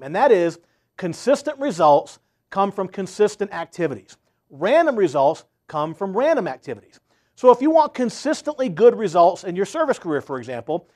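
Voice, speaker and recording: A man with a high, bouncy voice coaches service contractors on selling. He tells stories with plenty of emphasis and keeps checking in with "right?". His pitch swings widely from line to line. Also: very animated, brisk, a little mellow. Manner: emphatic storyteller, tags points with "right?". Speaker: sales trainer for home service contractors. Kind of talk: motivational sales training talk.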